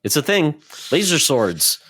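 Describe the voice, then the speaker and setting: A man's voice: fairly high pitch, big pitch swings, a little slow, fairly bright tone, husky, no echo. A man hosting a podcast, chatting casually and acting out quoted voices with animation. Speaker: podcast host. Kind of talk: casual chat.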